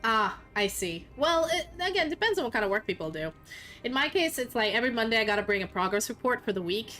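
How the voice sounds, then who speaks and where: A woman's voice: a little high, sing-song, quick pace, pushed and bright, soft background music. A young woman streamer chatting casually with her viewers, often laughing and swearing, sometimes in a put-on Scottish accent. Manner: puts on a playful mock Scottish accent. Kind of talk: casual live-stream chat.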